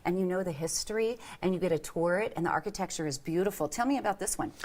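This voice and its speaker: A woman's voice: on the low side, quick pace, a little mellow. A woman hosting a TV talk show, asking questions in a bubbly, eager way. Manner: bubbly, eager, laughs often. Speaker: TV show host.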